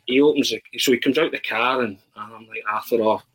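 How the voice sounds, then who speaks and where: A man, a podcast guest, telling animated anecdotes and often checking in with "right?". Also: medium pitch, quick pace, breathy edge, low-quality recording. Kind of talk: anecdotal storytelling.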